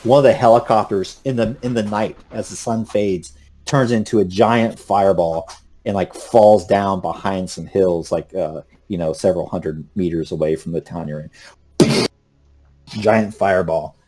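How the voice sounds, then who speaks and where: A man's voice: low voice, moderate pace, mellow. A man running a tabletop game as game master, narrating in a loose, rambling way with many fillers.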